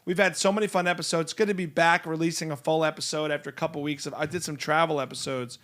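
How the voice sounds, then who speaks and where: Podcast host guy, upbeat and jokey, slightly high voice for a dude. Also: fairly even intonation, fast talker, a bit bright. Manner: upbeat, laughs often, teasing. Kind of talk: casual chat. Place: podcast studio room.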